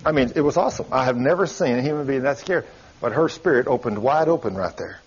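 An older man, preaching a sermon in a folksy, emphatic storytelling way, his voice a little husky. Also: mid-range voice, lively intonation, fast, lo-fi sound.

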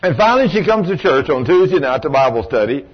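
A man's voice: a little high, big pitch swings, fast talker, slightly rough, highs cut off. A man preaching a folksy sermon as pastor, asking his congregation rhetorical questions.

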